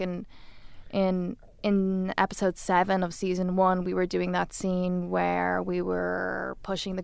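Young irish actress chatting away, low-ish voice with some fry, dry close sound. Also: female voice, no echo. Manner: chatty, laughs easily. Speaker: actor guest. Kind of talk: casual interview chat.

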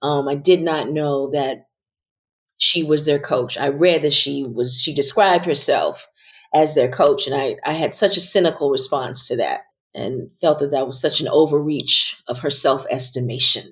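Woman, middle-aged, low voice, reflective and sincere interview guest. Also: moderate pace. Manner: earnest, thoughtful, trailing off softly at times.

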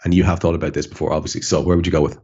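An Irish man hosting a casual podcast chat, relaxed, stumbling over and repeating words. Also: very deep voice, racing, slightly rough, highs cut off. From Ireland. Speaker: podcast host.

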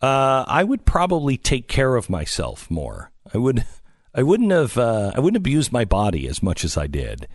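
A man hosting a talk radio show, telling stories earnestly and dropping to a hush at the serious parts. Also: medium pitch, normal speed, no room sound, studio quality. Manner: earnest storytelling, lively swings from loud to hushed.

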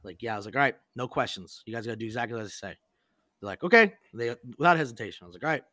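A man's voice: on the low side, lively intonation, rapid-fire, pushed and bright, dry recording, clean studio sound. A man casually telling a crude prank story on a podcast, rambling and profane, full of "like" and acted-out quotes.

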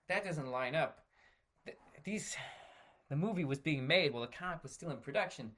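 A man's voice: fairly high pitch, fairly bright tone. A man from the United States hosting a solo podcast, ranting with lots of swearing and frequent self-corrections. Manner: trails off into self-corrections and restarts. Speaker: podcast host.

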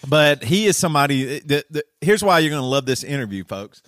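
A man's voice: on the high side, sing-song, fairly quick, a bit bright, dry recording, clean studio sound. A man with a Southern US accent co-hosting a podcast in casual chat, rambling, restarting his sentences and laughing often. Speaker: podcast co-host.

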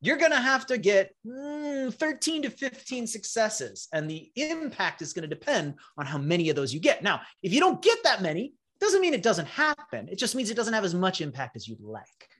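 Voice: medium pitch, sing-song, moderate pace, hardly any pauses, fairly bright tone. A game master narrating a tabletop game, setting scenes in a playful, vivid way.

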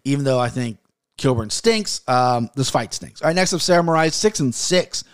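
Man in his thirties, fight-picks podcast host, angry, swearing, rambling, slightly high voice. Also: animated, normal speed. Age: 30s. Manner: heated, profane, rambling. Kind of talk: casual podcast rant and betting picks.

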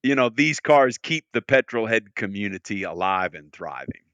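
An enthusiastic man in casual podcast conversation, talking cars with a bright, forceful tone. He often stumbles over and repeats his first words, then presses on. The recording is close and dry. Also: on the low side, lively intonation, moderate pace, smooth, no echo. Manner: enthusiastic, repeats words when starting sentences. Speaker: car auction specialist, podcast guest.

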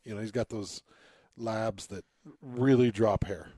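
A man's voice: on the low side, steady tone, measured pace, warm tone, slightly rough, dry recording. Chatty man gushing about dogs. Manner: enthusiastic dog lover, chatty, laughs often. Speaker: radio co-host. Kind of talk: casual chat.

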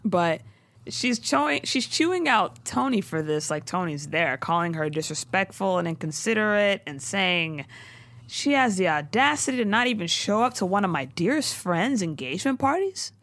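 A woman co-hosting a casual chat who recaps a show in a lively, profane way and acts out the quotes. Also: mid-range voice, moderate pace. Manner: animated, profane storytelling with acted-out quotes. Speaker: podcast co-host recapping a TV show.

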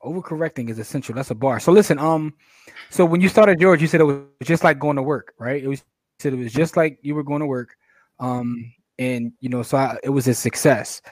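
A man hosting a podcast interview, relaxed and encouraging, repeating the key phrases back. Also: mid-range voice, a little fast, no echo. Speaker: podcast host. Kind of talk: casual interview.

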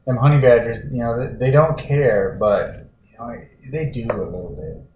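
A man co-hosting a casual chat, talking in a relaxed, rambling way with fillers. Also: medium pitch, normal speed, lo-fi sound. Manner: laid-back, rambling with fillers. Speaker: podcast co-host. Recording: roomy echo, faint noise.

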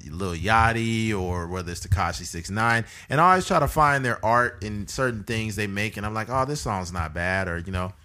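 A young man with a very low but bright, forceful voice co-hosts a relaxed podcast chat. He talks bluntly, swears freely and throws in lively asides. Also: brisk, hardly any pauses. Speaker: podcast co-host. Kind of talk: casual chat.

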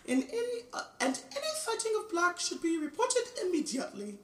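A woman's voice: very high voice, big pitch swings, a little fast, fairly bright tone, echoey room, voice pushed up, exaggerated voice. A woman voicing a stiff TV news reporter in an exaggerated mock British accent, half-laughing as she reads. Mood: mock-serious.

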